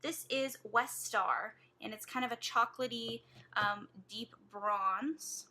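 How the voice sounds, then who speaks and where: A woman beauty vlogger swatching eyeshadows in a casual vlog, gushing and excitable, with gasps of delight. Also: on the high side, takes it slowly.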